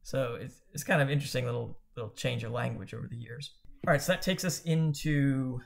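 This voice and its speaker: A man's voice: medium pitch, fairly quick, vocal fry. A man co-hosting a podcast, casually chatting about a book in a rambling, self-correcting way. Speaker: podcast co-host.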